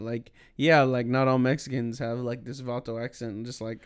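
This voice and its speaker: A man's voice: mid-range voice, flat delivery, moderate pace, clean tone. A man co-hosting a podcast in casual chat, speaking hesitantly and searching for words. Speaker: podcast co-host.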